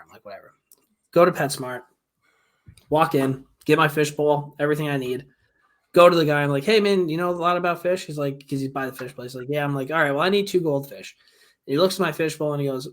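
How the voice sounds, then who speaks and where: Young male co-host, slightly higher voice, swears a lot, animated and exasperated storytelling. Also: fast talker. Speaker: podcast co-host. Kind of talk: casual chat.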